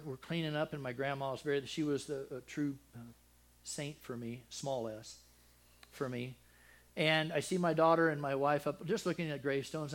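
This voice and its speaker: An older man preaching a sermon, telling a personal family story with deep feeling, dropping to a hush and then rising loud, with many restarts. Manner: emotional, swings from loud and high to hushed and soft; rambling with frequent restarts.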